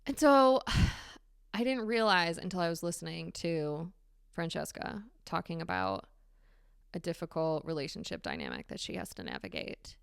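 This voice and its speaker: A woman hosting a solo podcast, talking candidly and swearing freely with animated emphasis. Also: low voice, moderate pace, gravelly, clear, resonant tone, no room sound, studio quality. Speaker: podcast host. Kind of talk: casual solo podcast monologue.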